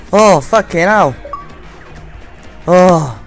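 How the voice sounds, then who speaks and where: A man's voice: sits high, lively intonation, drawn-out words, long pauses, soft background music. A man reacting to a video game pack opening, screaming, laughing and swearing. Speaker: gamer filming his own reaction.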